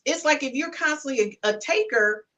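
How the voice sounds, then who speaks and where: A woman with hosts a podcast panel, emphatic and folksy as she lectures her audience. Her voice is bright and fairly high. She sits a little back from the mic, so she sounds distant. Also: animated, normal speed, dull audio. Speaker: podcast host. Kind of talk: casual panel talk.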